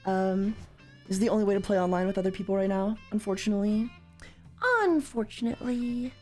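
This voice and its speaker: A young woman from Canada chatting casually as a streamer while playing a card game, with sudden loud, high exclamations. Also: flat delivery, quick pace, faint music behind.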